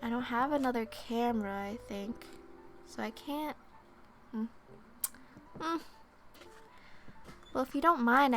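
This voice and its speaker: A young woman streamer reading oracle cards in a soft-spoken ASMR style, chatty and thinking aloud. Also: a little high, slow, long pauses, a little hiss or hum.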